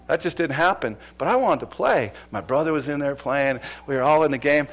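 A male preacher in middle age delivers his sermon with fervor, his voice sitting a bit higher than most men's. He builds to loud, pressing exhortations, then pulls back to quiet, earnest appeals to the congregation. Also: animated, brisk. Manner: impassioned, swings from loud exhortation to hushed appeals. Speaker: pastor.

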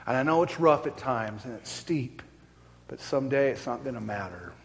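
In a large hall, a pastor with a mid-range voice preaches at a moderate pace. He tells stories with real animation and repeats his points for emphasis.

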